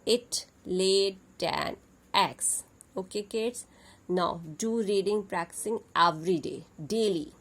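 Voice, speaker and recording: A young woman with an Indian English accent teaching a phonics lesson to small children. She spells each word letter by letter and then reads it out slowly. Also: medium pitch, fairly bright tone.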